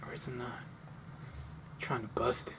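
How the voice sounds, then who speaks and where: A young man chatting casually over a game, telling an animated, profane story and laughing often. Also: mid-range voice, measured pace, noisy background. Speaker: gameplay commentator. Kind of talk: casual let's-play chat.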